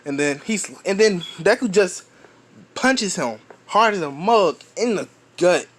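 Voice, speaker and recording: A man's voice: sits high, expressive, measured pace, fairly bright tone, slight background noise. A man casually retelling a fan story, rambling, restarting often and swearing offhand.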